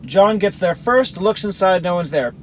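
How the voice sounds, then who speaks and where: Male Bible teacher, higher voice, reads verses and then breaks them down; faint background noise. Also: expressive, moderate pace, poor audio. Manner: explanatory, reads verses then compares accounts. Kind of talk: scripture reading with commentary.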